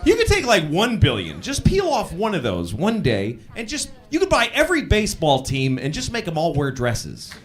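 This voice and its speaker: A man doing a stand-up routine, rambling and musing out loud. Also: huge pitch swings, normal speed, hardly any pauses. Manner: rambling, musing, wildly varying pitch. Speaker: stand-up comedian. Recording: live club with crowd noise.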